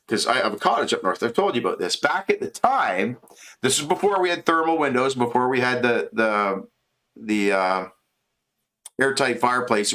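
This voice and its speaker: A man's voice: fairly low pitch, a bit bright. A man in his fifties chatting casually while he builds, rambling through joking stories. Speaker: streamer.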